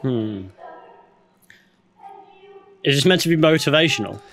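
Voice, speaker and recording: A man's voice: mid-range voice, animated, unhurried, a bit bright. A young man co-hosting a podcast in casual chat, incredulous, swearing and stumbling over his words. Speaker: podcast co-host.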